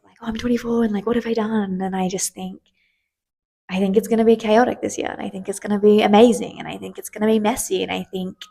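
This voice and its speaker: A young woman in her twenties hosts a solo podcast in a loose, candid chat. Her voice has a gravelly, fry-edged texture at a mid pitch, and she rambles along with plenty of fillers and the odd swear word. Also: mellow. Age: 20s. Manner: chatty, candid, lots of fillers and casual swearing. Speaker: podcast host.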